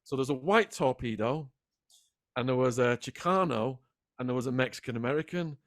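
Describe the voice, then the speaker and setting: A man guest in a sit-down interview, retelling events in an animated, dramatic way. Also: mid-range voice, a little fast, no room sound, studio quality. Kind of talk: vivid storytelling in a sit-down interview.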